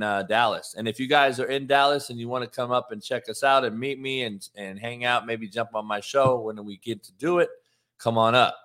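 On his own live stream, a man with a fairly low pitch and a fairly bright tone chats casually and wanders off topic. Then he turns on his chat, swearing as he rants at them.

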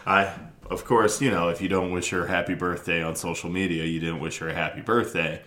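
A man in his thirties hosts a relaxed chat show and cracks jokes between sips of his drink. His voice sits low, and he laughs easily. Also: fairly quick. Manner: joking, laughs often. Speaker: podcast host. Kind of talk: casual chat over drinks.

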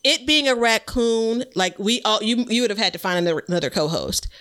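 A woman's voice: a little high, lively intonation, brisk, fairly bright tone. A woman co-hosting a podcast, telling a rambling story in casual chat and laughing often. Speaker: podcast co-host.

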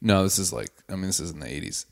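A man's voice: low-pitched, animated, quick pace, creaky. A man co-hosting a podcast, rambling and joking as he retells scenes from an episode. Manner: rambling, jokey, quotes scenes. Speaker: podcast co-host. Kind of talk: casual chat recapping a cartoon episode.

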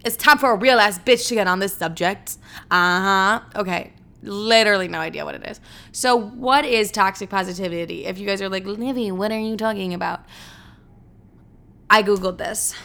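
A woman's voice: mid-range voice, a little fast, bright, forceful tone. A woman hosting her own podcast, talking candidly and rambling in a casual, profane way. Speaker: podcast host. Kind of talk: casual solo podcast chat.

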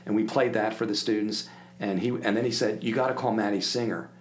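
An older man from the Philadelphia area, a guest telling animated stories and acting out the people in them. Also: fairly low pitch, fairly quick, a little hiss or hum. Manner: animated anecdote-telling, acts out quoted voices. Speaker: podcast guest. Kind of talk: casual storytelling.

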